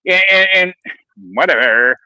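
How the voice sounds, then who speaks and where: A man's voice: high-pitched, expressive, a little slow, muffled recording, crowd noise. A man co-hosting a casual chat, telling a profane story. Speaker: co-host.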